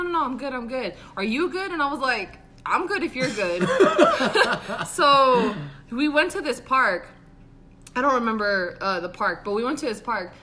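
A young woman with a bright, forceful voice, a little higher than most. She tells stories in loose, casual chat, often acting out what people said. She swears freely and laughs a lot. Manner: animated, swearing, acts out quotes, laughs often. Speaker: podcast co-host.

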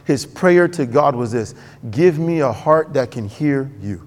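A man's voice: medium pitch, animated, measured pace, a little mellow, long reverb tail. A male pastor preaching a sermon in a conversational way, acting out quoted voices.

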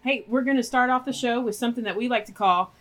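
A woman's voice: a little high, fast, fairly bright tone. Bubbly woman podcast co-host. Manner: bubbly and effusive, laughs easily. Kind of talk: chatty podcast hosting.

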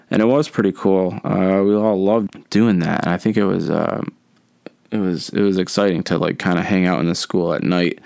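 A young man hosting a solo podcast, telling childhood stories in a relaxed, rambling way with many fillers. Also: low-pitched, vocal fry, clear, resonant tone, no room sound. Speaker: podcast host. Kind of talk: casual solo storytelling.

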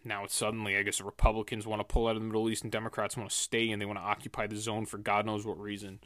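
A man's voice: lowish voice, little pitch movement, very fast, a bit bright, dry recording, clean studio sound. A man hosting a podcast, giving heated, indignant opinion commentary. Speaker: podcast host.

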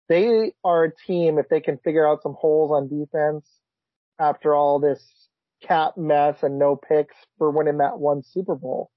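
A man hosting a casual football podcast, talking excitedly and reacting out loud with frequent laughs. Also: fairly high pitch, no room sound. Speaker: podcast host. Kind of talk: casual sports chat. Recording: dull lo-fi remote audio.

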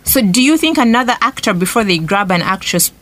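Lively woman telling a story. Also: mid-range voice, brisk, noisy background. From Uganda. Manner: lively storyteller, keeps asking "right?" and laughs often. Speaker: podcast co-host. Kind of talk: casual group chat, personal storytelling.

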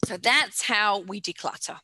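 A middle-aged woman coaching an online class on home organizing, giving brisk, practical instructions and answering questions, with some throat clearing. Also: medium pitch, sharp tone, rough recording. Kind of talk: informal online lecture with questions.

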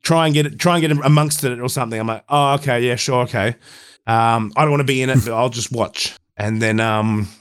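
Male co-host; chatty, animated storyteller who voices the people he quotes. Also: medium pitch, a little fast, smooth. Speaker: podcast co-host. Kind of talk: casual chat, storytelling.

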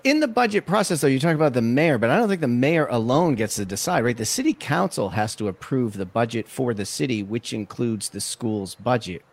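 A man's voice: medium pitch, lively intonation, brisk, few pauses. A man hosting a casual interview, asking probing follow-up questions.

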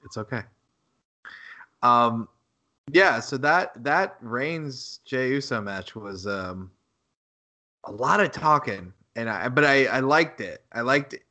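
A medium-pitched man with a bright, forceful tone talks in an animated but slow way, pausing often. As a podcast co-host in casual chat, he rambles, curses heavily, and acts out quotes loudly before laughing at them.

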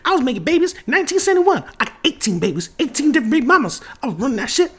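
A man putting on the voice of a loud, boastful old man, pitched high and laughing as he talks. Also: big pitch swings, racing, heavily acted. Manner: high, shouty, laughing delivery.

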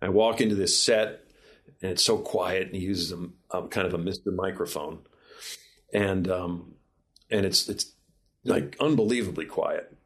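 Male director guest, lower register, anecdotal and meandering, frequent restarts. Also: steady tone, a little slow, long pauses. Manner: rambling anecdotes with many restarts. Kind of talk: casual interview storytelling.

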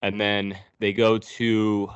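A man's voice: on the low side, level tone, slow, highs cut off, noisy background. A man hosting a podcast, recapping a movie's plot in a sarcastic, profane storytelling manner. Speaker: podcast host.

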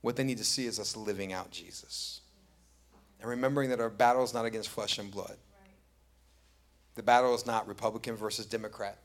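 A man's voice: lowish voice, steady tone, a little fast, pauses often. A middle-aged man preaching a sermon as pastor, telling stories conversationally and building to emphatic repeated points. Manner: conversational storytelling, rising to emphatic repetition.

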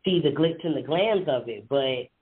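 Male podcast guest, slightly high voice, loose conversational delivery, phone-line sound. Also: animated, normal speed. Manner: conversational, fills with "you know". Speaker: guest author. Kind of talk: casual podcast interview.

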